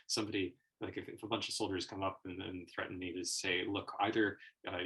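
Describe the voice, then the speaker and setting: A man's voice: sits low, flat delivery, fairly quick, bright, forceful tone, breathy edge. A man giving a reflective livestream monologue as a personal growth teacher, searching for words and laughing often.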